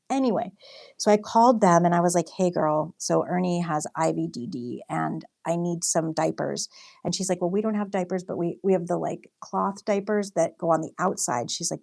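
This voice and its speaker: A young woman talks in a relaxed, chatty way while painting on a livestream. Her voice sits fairly low and often drops into a gravelly fry. She tells stories with plenty of fillers and stops now and then to read out viewer comments. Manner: chatty storytelling, many fillers, reads out comments. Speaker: livestream host and artist.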